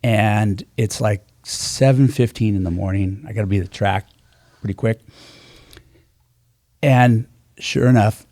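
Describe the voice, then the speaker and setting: Animated storytelling man, dry sound. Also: on the low side, no room sound. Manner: animated, acts out other people's lines. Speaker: guest racing driver. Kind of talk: casual storytelling.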